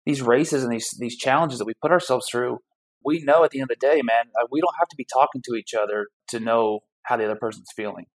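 A man's voice: mid-range voice, low-quality recording. A man speaking as a podcast guest in an upbeat, casual way. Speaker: guest, foundation founder. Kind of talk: podcast interview conversation.

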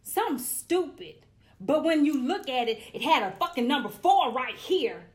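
A woman's voice: sits high, very animated, moderate pace. A woman in her forties talking straight to her viewers in a casual monologue, blunt and profane, ranting with comic exasperation. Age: 40s. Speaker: vlogger.

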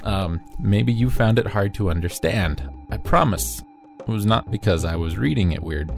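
A man's voice: fairly low pitch, normal speed, creaky, faint music behind. Sarcastic man reading punctuation aloud. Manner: reads out punctuation aloud, deadpan asides, sarcastic. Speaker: comedic reader of an old online game review. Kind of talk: comedic dramatic reading with commentary.

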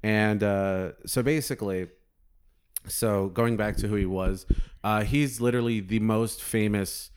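A young man with a low, smooth and resonant voice tells a long story in loose, casual chat. He rambles and swears freely as he goes. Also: steady tone, unhurried.

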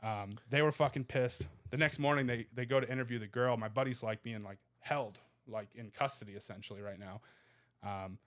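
A man's voice: medium pitch, fairly bright tone. Comedian guest, 30s, male, swears constantly, races through the anecdote. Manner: rapid, profane, laughing anecdotes. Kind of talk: casual storytelling.

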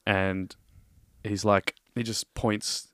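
A man's voice: on the low side, drawn-out words, no echo, studio quality. An Australian man co-hosting a podcast, telling stories in casual chat and acting out the people in them. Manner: animated storyteller acting out quotes. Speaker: podcast co-host.

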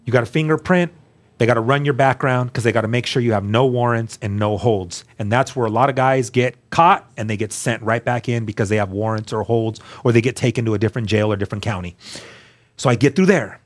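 A guest on the show gives his personal testimony earnestly and emphatically in a fast, mid-range voice. At key moments he drops to a hush.

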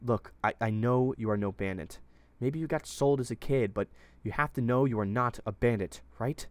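A man voicing a stern young man who is urgent and reassuring at times and low and intimidating at others, in a read story. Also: normal speed, no room sound, natural voice. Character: stern young man, protective then menacing.

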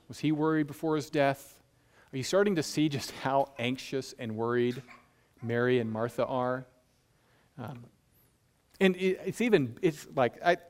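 A man preaching a sermon in a conversational, humorous way, asking his listeners rhetorical questions. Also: medium pitch. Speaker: pastor.

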